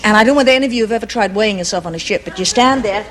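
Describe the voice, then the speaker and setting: A woman's voice: mid-range voice, racing, a bit bright, slight background noise. Chatty giggly woman. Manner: chatty, self-deprecating, giggly. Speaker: game show panelist. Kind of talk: casual chat.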